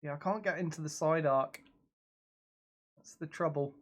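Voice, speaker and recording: A young man with a slightly high-pitched voice plays a video game on a live stream from his home. He talks casually, reacting out loud to every turn and reading his viewers' messages back to them. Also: normal speed. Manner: chatty, reacts aloud to the game and reads out chat.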